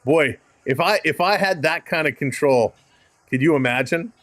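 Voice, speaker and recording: A man's voice: on the high side, normal speed, fairly bright tone, dry recording. A man with a Canadian accent hosting a live hockey stream, calling the play-by-play and greeting chatters by name. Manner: upbeat, greets chatters by name between game calls.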